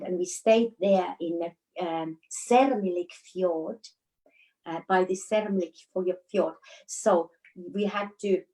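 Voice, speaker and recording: A woman from Finland with a Finnish accent, chatting as a guest in an interview and telling stories with frequent laughs and pauses. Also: mid-range voice, a little mellow, low-quality recording. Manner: storytelling with frequent laughs and hesitations. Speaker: guest, dancer. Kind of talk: casual interview chat.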